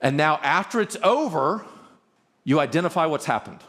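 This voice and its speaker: A man's voice: a little high, animated, normal speed, fairly bright tone. A middle-aged man from Arkansas, a pastor giving an earnest conference talk on marriage, who often stumbles and repeats his openings.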